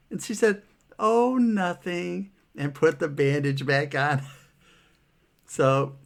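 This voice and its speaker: A man's voice: mid-range voice, gravelly. Guy telling his own story, laughs a lot, kinda rueful, can't believe it. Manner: laughs often while telling; rueful, incredulous. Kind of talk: casual personal storytelling.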